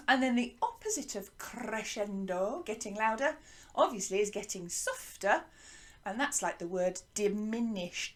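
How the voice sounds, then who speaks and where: A woman teaching an online music lesson to children, lively and encouraging, leading call-and-response from a hut. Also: mid-range voice, normal speed. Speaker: primary school music teacher. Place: garden hut.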